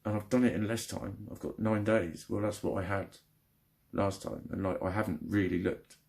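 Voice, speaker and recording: A young man with a fairly low voice rants into his camera about a bad phone call. He swears constantly, sounds fed up and exasperated, and speeds up or drags out words as his anger rises and falls. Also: steady tone, moderate pace, vocal fry, darkish tone. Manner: angry, frustrated, heavy swearing. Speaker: vlogger. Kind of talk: ranting vlog.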